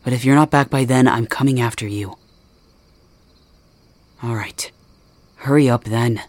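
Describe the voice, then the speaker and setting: A man's voice: mid-range voice, measured pace, darkish tone, no room sound, close to an everyday voice. A man voicing a stern young male guard in an ASMR role-play, firm and scolding but giving in. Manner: firm, scolding, speaks to listener directly.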